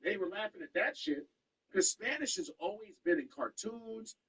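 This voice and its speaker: A man on a casual podcast chat, animated and profane as he rants. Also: sits high, moderate pace, vocal fry, breathy edge, rough recording.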